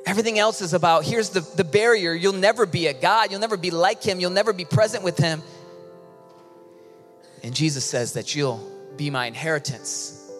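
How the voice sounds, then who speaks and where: A man from Michigan preaching a sermon to a large auditorium, earnest and often dropping to a soft, intimate hush. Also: high voice, moderate pace. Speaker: worship leader and preacher. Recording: live hall with long reverb, faint music.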